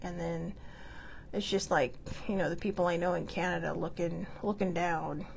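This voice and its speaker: A woman's voice: fairly low pitch, steady tone, moderate pace, creaky, background noise. A woman hosting a show, talking in a rambling, earnest casual monologue full of fillers and restarts, with the odd swear word. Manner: earnest, with bursts of laughter and mild swearing. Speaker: host.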